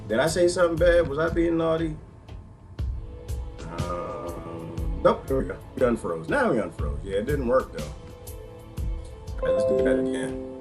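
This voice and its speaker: An excitable man hosts a livestream, rambling and laughing as he talks. His voice is very animated, and soft music plays faintly behind him. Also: medium pitch, normal speed, pauses often. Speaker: livestream host. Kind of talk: livestream commentary.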